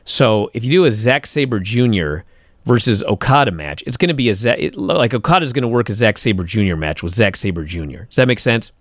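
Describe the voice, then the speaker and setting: A man co-hosting a podcast, telling a story in an excitable, animated way and acting out the moves on a close mic. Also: fairly low pitch, brisk, no room sound. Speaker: podcast co-host. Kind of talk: excited wrestling podcast chat. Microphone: close studio mic.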